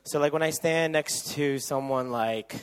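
A man speaking at a youth camp, telling funny stories sermon-style and acting out other people's voices with loud shrieks. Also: a little high, a little slow, clear, resonant tone. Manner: animated, acts out quoted voices with loud shrieks. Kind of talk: humorous sermon storytelling.

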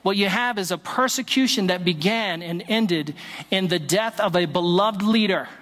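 A man's voice: high voice, normal speed, a bit bright. A man preaching a sermon as pastor, telling a story with quoted dialogue and occasional "uh" fillers. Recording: long hall reverb.

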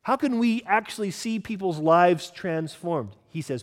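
A man preaching a sermon as pastor, earnest and teaching, asking the congregation questions and slowing down to stress scripture. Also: sits high, animated. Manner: stresses key words, slows down for scripture.

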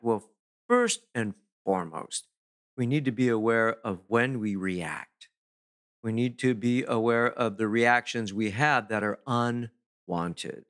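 A man giving a self-help talk in an emphatic, deliberate way, pausing to stress key words. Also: mid-range voice, a bit bright. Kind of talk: motivational talk to camera.

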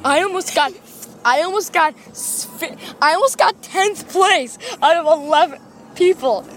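A woman's voice: very high voice, lively intonation, unhurried, a bit bright, a little hiss or hum. A woman rambling and giggling through an improvised comedy skit outdoors.

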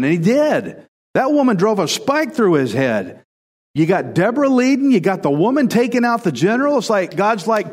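A man preaching a casual, conversational sermon, animated and repeating phrases for emphasis. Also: high-pitched, moderate pace, in a large hall. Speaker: pastor.

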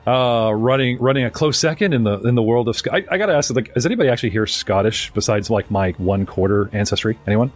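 Speaking in a mid-range voice at a quick clip with hardly any pauses, a North American man hosts a live-streamed tabletop game over faint background music. He's a game master and podcast host, chatty and rambling while he introduces the players.

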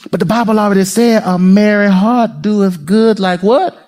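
Preaching to his congregation, a pastor keeps things playful and animated, laughing a lot and speaking straight to them. His voice sits high and his speed is normal.

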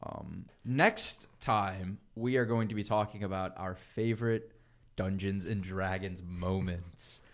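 A man's voice: low-pitched, fairly even intonation, takes it slowly. A young man hosting a podcast in casual chat, laughing often and stumbling over tricky names. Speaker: podcast host.

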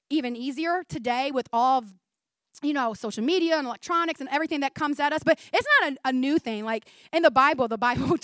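A woman in her forties preaching a sermon in a church, talking fast and chatty with frequent laughs. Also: high-pitched, a bit bright, no echo, studio quality. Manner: fast, chatty, laughing often, says 'like' a lot.

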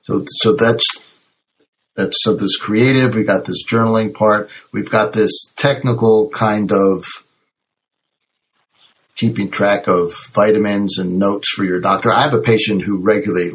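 A man's voice: fairly low pitch, fairly even intonation, unhurried. A man hosting an interview, a health practitioner who sums up points in a reflective way. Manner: summarizing, reflective. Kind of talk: interview talk.

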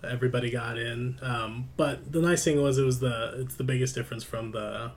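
A man's voice: medium pitch, fairly even intonation, a little fast. A man co-hosting a casual podcast, thoughtful and hesitant as he searches for his words. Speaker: podcast co-host. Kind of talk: casual chat.

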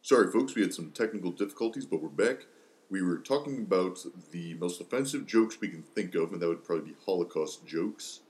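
A man's voice: sits low, a little fast, a little mellow. A man co-hosting a podcast in casual discussion, blunt and wry. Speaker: podcast co-host.

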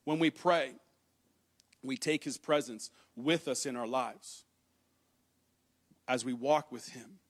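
A man's voice: mid-range voice, slow pace, pauses often. A man preaching a sermon to a congregation, reading scripture aloud and explaining it in a conversational way. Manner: addresses the congregation directly. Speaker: pastor. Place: church hall with congregation.

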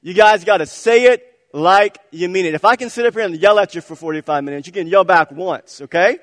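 Male pastor, sermon, fairly high voice, hushed to loud call-and-response, long hall reverb. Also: a little fast, clean studio sound. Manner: swings from hushed prayerful tones to loud calls to the congregation. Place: church sanctuary.

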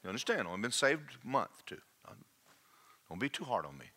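An older man preaching a sermon, swinging between hushed asides and slow, emphatic lines. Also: mid-range voice, very animated. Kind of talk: sermon with personal testimony.

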